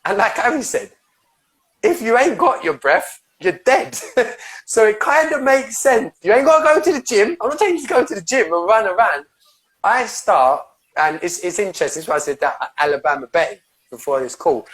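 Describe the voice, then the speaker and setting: A man's voice: high-pitched, animated, normal speed, a bit bright. A man working as a soul coach talks on a podcast with fiery, emphatic passion. He curses freely and rambles, tripping over restarts and repeated words as he pushes his point. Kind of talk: podcast conversation about breathwork.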